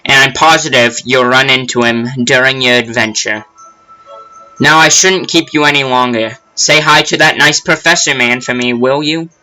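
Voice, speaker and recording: A man's voice: mid-range voice, normal speed, bright, forceful tone, rough recording. A man voicing an emotional old mother in a video game, reading her lines with a fussy put-on accent. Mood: tender.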